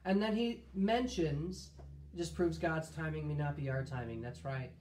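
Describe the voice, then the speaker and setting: A man's voice: a little high, measured pace, darkish tone. Guy running a bible study, restarts a lot, lifts his voice on scripture, echoey room. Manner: thinks aloud with restarts, reads scripture in a lifted voice. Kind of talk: casual Bible study teaching. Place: room streamed live. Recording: roomy echo.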